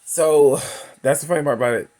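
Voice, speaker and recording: A man in his thirties giving a chatty, laughing movie recap and review, acting out characters' lines in a high voice. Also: a little fast, darkish tone.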